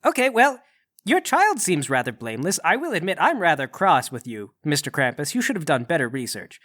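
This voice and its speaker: Guy playing a stiff polite butler, pitch swings all over. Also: huge pitch swings, brisk, a bit bright, exaggerated voice. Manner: formal, polite. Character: polite, fussy male butler.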